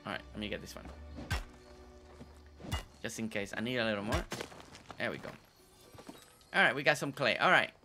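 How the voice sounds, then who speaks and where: A man's voice: lowish voice, expressive, normal speed, long pauses, over music. A man whose first language is not English, chatting casually over his gameplay. He repeats himself and stumbles over tricky names. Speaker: gameplay video host.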